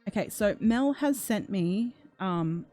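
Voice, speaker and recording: Female true crime streamer, warm low-key tone, talking to chat, emotional. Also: expressive, slow, dry recording, faint music behind. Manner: chatty, reacting to chat and reading comments; emotional, gasps, close to tears. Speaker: true crime channel host. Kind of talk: casual livestream commentary.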